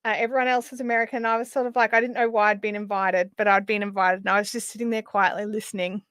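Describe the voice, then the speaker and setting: A middle-aged Australian woman hosting a live craft stream, chatting casually and telling stories as she works, often trailing off into quiet asides. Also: medium pitch, flat delivery, fast, clean tone, no room sound. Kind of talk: casual chat while crafting.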